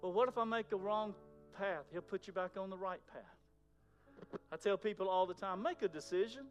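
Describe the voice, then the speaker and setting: A man preaching a sermon in a conversational way, moving between loud emphasis and near-whispers. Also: sits high, fairly even intonation, normal speed, lo-fi sound, faint music behind. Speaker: pastor.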